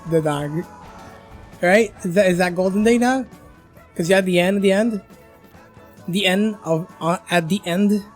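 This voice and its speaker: A livestream host chatting casually and playfully, laughing while fumbling through new pronunciations. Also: medium pitch. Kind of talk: casual live reaction chat.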